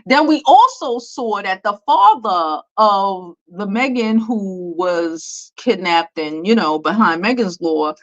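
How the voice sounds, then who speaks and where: A woman's voice: mid-range voice, animated, takes it slowly, hardly any pauses, muffled recording. A young woman, hosting a casual celebrity commentary vlog in a blunt, profane, dismissive way with many fillers. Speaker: beauty and celebrity news host.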